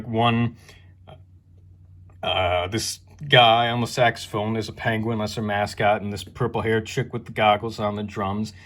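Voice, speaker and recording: A man with a mid-pitched voice narrates a casual show-and-tell. He rambles with fillers and keeps breaking off into crude, wisecracking asides. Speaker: video host.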